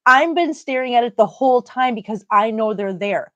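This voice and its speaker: A woman's voice: fairly high pitch, expressive, moderate pace, fairly bright tone, muffled recording. A middle-aged woman hosting a casual livestream, joking and chatting as she reads viewer comments aloud. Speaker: livestream host reading chat.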